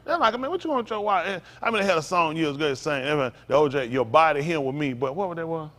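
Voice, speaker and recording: A man's voice: fairly high pitch, lively intonation, fast, fairly bright tone. A man preaching a conversational sermon to his congregation, with frequent asides to the room. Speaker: pastor. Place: synagogue sanctuary. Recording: long hall reverb.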